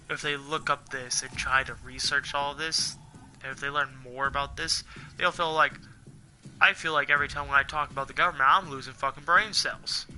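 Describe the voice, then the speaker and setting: A man's voice: fairly high pitch, pushed and bright, a little hiss or hum. A young man ranting heatedly to his viewers, swearing a lot and rambling as he vents. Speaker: gaming channel host. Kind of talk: angry ranting monologue.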